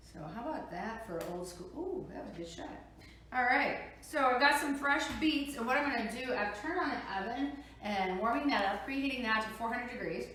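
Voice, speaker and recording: A woman's voice: mid-range voice, a bit bright, far from the mic, slight background noise. A woman from Minnesota with a Minnesotan accent, hosting a casual cooking demo in her kitchen, chatty and upbeat with lots of fillers. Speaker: cooking show host. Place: home kitchen. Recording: echoey room from off-mic.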